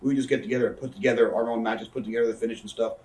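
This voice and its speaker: A man in a candid interview, telling backstage stories in a rapid, profane way and acting out what others said. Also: mid-range voice, steady tone, darkish tone. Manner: rapid, profane, acts out quoted voices. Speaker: interview guest, former wrestler. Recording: echoey room, somewhat far from mic.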